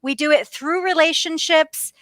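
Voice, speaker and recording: A high-voiced woman in her fifties talks as a podcast guest, bright and forceful in tone. She speaks with lots of energy and emphasis, turning to her listeners often. The sound is close and dry. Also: normal speed, dry recording. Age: 50s. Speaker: podcast guest, leadership coach. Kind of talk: casual interview conversation.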